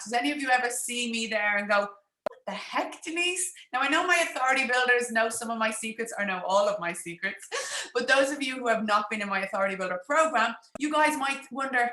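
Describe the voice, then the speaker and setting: A woman coaching viewers on a livestream, her speech quick and chatty as she talks straight to them. Her voice is bright and sharp, pitched a little high, and the room around her echoes noticeably. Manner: fast-talking, chatty, addresses viewers directly. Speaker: business coach. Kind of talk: live-streamed social media coaching talk.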